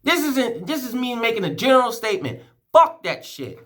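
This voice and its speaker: A man's voice: very high-pitched, very animated, normal speed, sharp tone. A sports fan vlogger, a man, giving a heated, profane and emotional rant, rambling and restarting his sentences. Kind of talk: ranting fan vlog.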